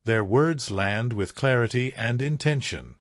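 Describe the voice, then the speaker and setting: A man reading a self-help audiobook as scripted narration, in an even, instructive way with deliberate pauses. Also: medium pitch, no echo, studio quality.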